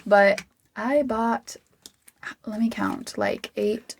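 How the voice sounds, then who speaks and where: A woman's voice: fairly high pitch, steady tone, very slow, gravelly, breathy edge. A young woman co-hosting a casual chat podcast, giggly and playful. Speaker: podcast co-host.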